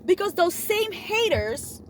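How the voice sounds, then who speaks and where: High, lively woman giving motivational advice. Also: slow, slight background noise. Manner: animated, acts out quoted dialogue with big pitch swings. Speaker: motivational vlogger.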